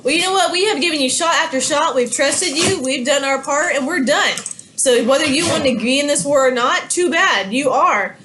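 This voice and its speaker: A woman's voice: high voice, normal speed, noisy background, lightly acted. A woman voicing Britain as an indignant, fed-up nation in a lecture. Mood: exasperated. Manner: exasperated, emphatic.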